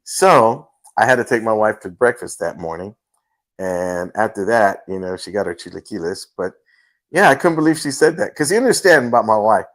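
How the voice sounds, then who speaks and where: A man's voice: on the low side, animated, moderate pace. A man hosting a casual livestream from home, telling stories with many fillers. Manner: rambling storyteller, many fillers. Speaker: host.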